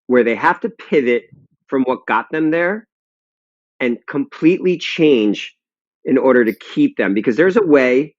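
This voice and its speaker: A man's voice: mid-range voice, animated, measured pace, no echo, muffled recording. A man who is a guest on a podcast, explaining his views emphatically and building points through repetition. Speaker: guest, restaurant and fitness founder. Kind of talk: podcast interview.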